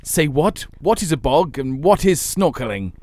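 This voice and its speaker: A man's voice: on the high side, big pitch swings, moderate pace, darkish tone. Man chatting, playful. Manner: playful, hesitant with fillers. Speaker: podcast co-host. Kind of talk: casual chat.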